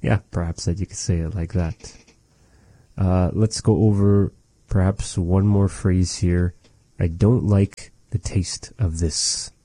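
A man teaching phrases in a casual language lesson, patient, repeating words slowly and joking now and then. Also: low-pitched, steady tone, mellow, no room sound.

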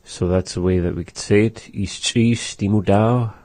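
A man teaching words of his language in a casual lesson, saying them slowly and repeating them. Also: lowish voice, steady tone, a little mellow, dry recording.

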